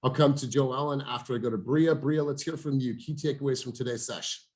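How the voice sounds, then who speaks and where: An energetic man hosting a motivational coaching call over video, calling on each team member and saying "you guys" often. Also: medium pitch, a little fast.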